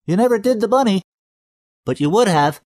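A squeaky cartoonish comic voice, pushy and urgent. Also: male voice, lively intonation, brisk, darkish tone, dry recording, clean studio sound. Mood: teasing. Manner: cartoonish, shrill and insistent.

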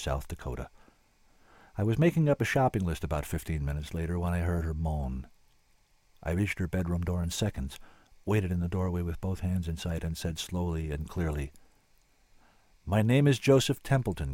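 A man's voice: sits low, mellow, no echo. A man giving dry, wry first-person scripted narration as an audiobook narrator.

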